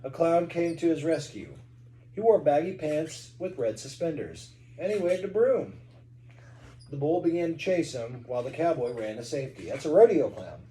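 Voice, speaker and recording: A man's voice: fairly high pitch, sing-song, normal speed, dark tone, echoey room, a little hiss or hum, low-quality recording. A man from Kentucky, a parent reading a storybook aloud to a child at home, with chatty asides.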